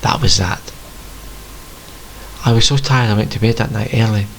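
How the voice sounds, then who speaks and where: A man tells a first-person story in a plain, measured reading. His voice is low and carries a gravelly rasp. Faint hiss sits behind him. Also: fairly even intonation, poor audio.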